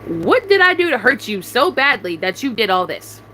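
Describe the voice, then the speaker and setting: A woman's voice: a little high, sing-song, moderate pace, pushed and bright, slight background noise, low-quality recording. A young adult woman venting angrily at someone, demanding answers over and over with heavy swearing. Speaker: YouTuber venting on a live stream. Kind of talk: angry venting rant.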